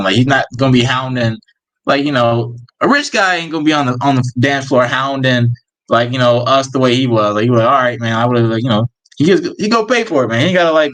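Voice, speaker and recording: A man's voice: medium pitch, a bit bright. A man co-hosting a live stream, laid-back and slangy, with lots of "like, you know.". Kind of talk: casual live-stream chat.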